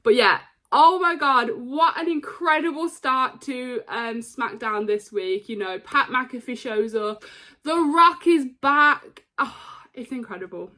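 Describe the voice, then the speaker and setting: A young woman casually recapping a wrestling show, excitable, with lots of ums and quoted lines. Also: a little high, a little slow. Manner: excitable, retells scenes with quoted lines and many fillers.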